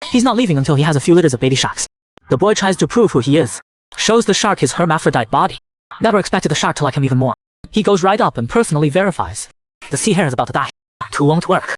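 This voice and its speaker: A man narrating a comic recap in a brisk storytelling manner. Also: a little high, lively intonation.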